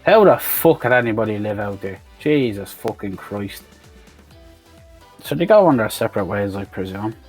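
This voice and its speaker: A man's voice: lowish voice, lively intonation, moderate pace, darkish tone, slightly rough, soft background music. A man giving a blunt, swear-heavy review of an action film, talking casually and with exasperation. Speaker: movie reviewer.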